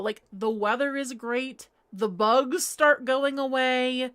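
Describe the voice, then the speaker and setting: A woman's voice: high voice, slow pace, hardly any pauses, a bit bright. A young woman from Northern California hosting a live crochet stream, chatting casually and reading viewer comments aloud with a giggly, rambling manner. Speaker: livestream host. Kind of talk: casual chat while crocheting. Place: home.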